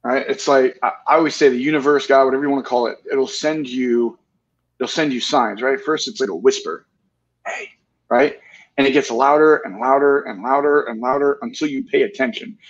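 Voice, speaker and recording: A man's voice: medium pitch, brisk, dull audio, a little hiss or hum. A man in his forties as an interview guest, speaking earnestly in candid talk and often tagging his points with "right?". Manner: earnest, tag questions with "right?".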